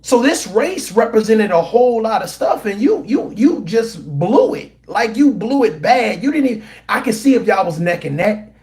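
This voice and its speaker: Animated high-pitched man ranting to chat. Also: moderate pace. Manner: animated, incredulous, repeats himself and restarts often. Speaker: commentary vlogger. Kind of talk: opinionated commentary to a live chat.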